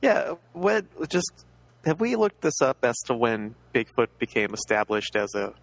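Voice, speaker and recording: A man with a voice of ordinary pitch, chatting on a casual podcast. He cuts in with skeptical questions and quick jokes, and the recording is dry and close with no room sound. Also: big pitch swings, vocal fry, no room sound, low-quality recording. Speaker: podcast co-host listening to a story.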